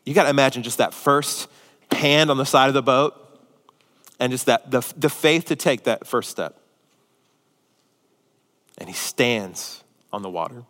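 A male pastor preaching a sermon, swinging from emphatic peaks to hushed, near-whispered passages and asking rhetorical questions. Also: medium pitch, a little slow, long pauses, big-room sound.

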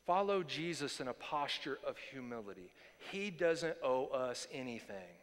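A man preaching a sermon as pastor, animated and often repeating words as he builds a point. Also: medium pitch, long reverb tail. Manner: animated, repeats words when excited, self-correcting.

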